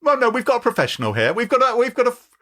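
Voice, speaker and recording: Playful, lively male podcast host. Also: very high-pitched, very fast. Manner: jokey, playful, animated. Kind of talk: casual podcast chat.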